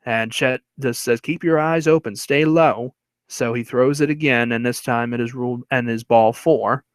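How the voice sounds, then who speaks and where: A man retells a film's plot in a loose, rambling way, full of fillers and small chuckles. His voice sits at an ordinary middle pitch. The recording is dry and close. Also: no echo. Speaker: movie reviewer.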